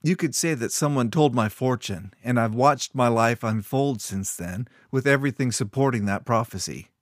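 A man voicing a calm, confident young man from the countryside, earnest and steady. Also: mid-range voice, moderate pace, no echo, clean studio sound, lightly acted. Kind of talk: audiobook character voice.

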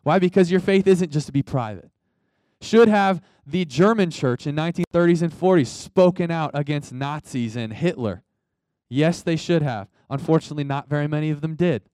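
A man's voice: fairly high pitch, normal speed, a little mellow, dry recording. Emphatic, conversational male preacher. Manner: conversational, emphatic, calls for audience response. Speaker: pastor. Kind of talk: sermon.

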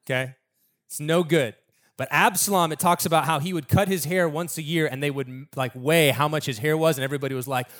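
A man's voice: a little high, fairly even intonation, brisk, fairly bright tone. A man preaching a sermon in a casual, conversational storytelling way, acting out the people in the story.

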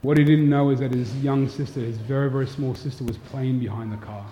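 A man's voice: mid-range voice, fairly even intonation, fairly quick, dark tone. A man preaching a sermon, earnest and storytelling, putting direct questions to his listeners. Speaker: pastor. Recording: echoey hall, dull lo-fi sound.

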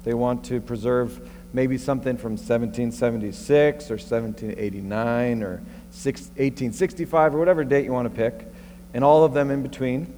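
A man's voice: mid-range voice, fairly even intonation, normal speed, warm tone. A male pastor preaching a sermon in a conversational way, thinking aloud and asking rhetorical questions. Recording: long reverb and faint mains hum.

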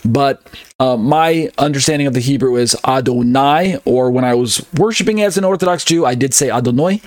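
A man's voice: fairly high pitch, dry recording. A man teaching an online Bible study, carefully sounding out and spelling Greek and Hebrew words, often correcting himself as he goes. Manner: thinks aloud, with frequent self-corrections and fillers. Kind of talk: online Bible study lecture over on-screen slides.

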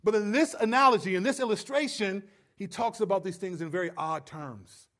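A preacher with a notably high voice teaches a sermon verse by verse, speaking a little fast. He's animated and playful, humorously acting out quoted voices in small staged exchanges to make his points.

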